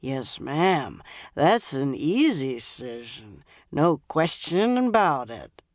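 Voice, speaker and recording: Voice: mid-range voice, sing-song, slow, no echo, clean studio sound. An audiobook narrator voicing a jolly, staggering drunk man with slurred, drawling speech. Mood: jolly slurring. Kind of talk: audiobook character voice.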